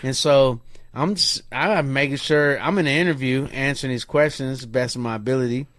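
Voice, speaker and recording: A man with a mid-range voice tells a story casually, slangy and animated, slipping into other people's voices as he quotes them. The sound is dry and close. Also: medium pitch, brisk, dry recording. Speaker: podcast co-host.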